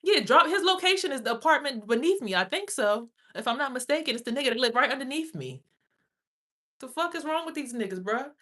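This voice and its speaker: A woman's voice: fairly high pitch, big pitch swings, fast talker, fairly bright tone. A woman streamer in an angry, profane rant, speaking with a confrontational edge. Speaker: livestreamer.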